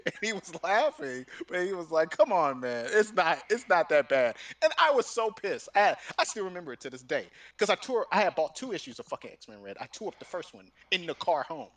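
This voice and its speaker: Young male host, casual profane storyteller, high bright voice. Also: a little fast, few pauses. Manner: animated, profane, acts out both sides of arguments. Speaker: gaming and art channel host.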